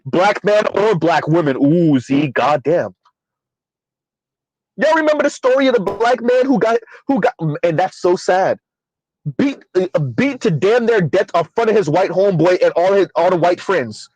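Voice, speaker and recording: A man's voice: high-pitched, sing-song, moderate pace, a little mellow, no echo, rough recording. A man hosting his own channel, ranting in a blunt, profane commentary with rhetorical questions. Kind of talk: casual commentary rant.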